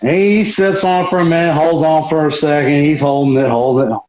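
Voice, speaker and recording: A man's voice: fairly high pitch, fairly even intonation, brisk, darkish tone. A man, a wrestler guest, telling stories on a video call in a rambling, profane way, full of restarts. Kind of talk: casual storytelling interview. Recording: roomy, dull lo-fi livestream audio.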